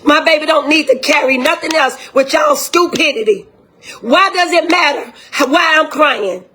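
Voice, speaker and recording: Older grandmother with a high voice, fired-up and indignant, speaking straight to camera. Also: normal speed, pushed and bright. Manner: indignant, impassioned, repetitive direct address. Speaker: grieving grandmother. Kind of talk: emotional direct-address video.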